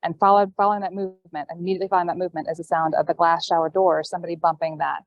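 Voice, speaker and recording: A woman guest telling a personal story in casual chat, with halting, thoughtful pauses, calling in from an airport gate over a video call. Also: fairly low pitch, level tone, dry recording. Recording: dull, dry call audio.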